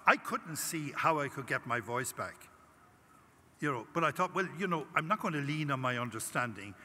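An older Irish priest gives a testimony at a conference, speaking in a bright, forward voice pitched a little high for a man. His storytelling is animated, and he acts out his own prayers as he goes. The sound rings with the long reverb of a big hall. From Ireland. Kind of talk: conference talk, personal testimony.

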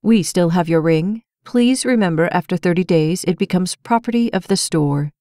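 A woman with a lower-pitched voice reads a novel aloud as an audiobook narrator. She voices each character's lines herself without changing her voice much. The recording is dry and close, with no room sound. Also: normal speed, mellow, dry recording. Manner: reads all characters' dialogue in her own voice. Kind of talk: scripted narration.

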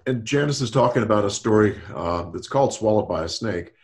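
Animated man, lively swooping speech. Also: on the low side, brisk. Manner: animated, laughing, acts out quotes in raised voice. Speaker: counselor. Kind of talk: casual podcast discussion.

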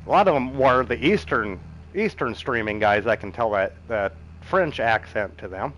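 A man's voice: mid-range voice, lively intonation, normal speed, a bit bright, a little hiss or hum, poor audio. Easygoing middle-aged man narrating his gameplay. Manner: chatty, easygoing, chuckles often, talks to himself as he plays. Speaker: game streamer. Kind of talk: casual gameplay commentary while reading chat.

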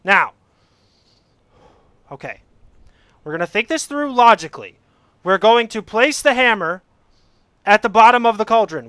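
High, bright-voiced young man raging at a game. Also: expressive, unhurried, long pauses, clear, resonant tone, no echo. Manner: exasperated, swearing, yelling at the game. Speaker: gamer playing a climbing game. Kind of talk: let's play commentary.

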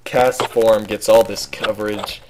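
A man's voice: on the low side, level tone, background noise. A young man chatting casually about a video game with friends, rambling and joking. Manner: rambling, joking, quick asides. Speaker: let's play co-host. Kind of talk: casual gaming chat. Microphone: home computer mic, online voice chat.

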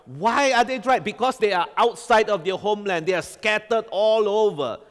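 A man's voice: high-pitched, normal speed. A man preaching a sermon as pastor. He talks animatedly and keeps quizzing the congregation with "all right?". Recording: long hall reverb.

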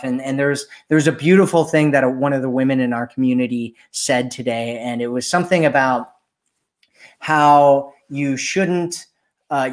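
A man hosting a casual dating advice chat, talking loosely and acting out quoted voices. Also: medium pitch. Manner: animated, acts out quoted voices. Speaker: dating coach and host.

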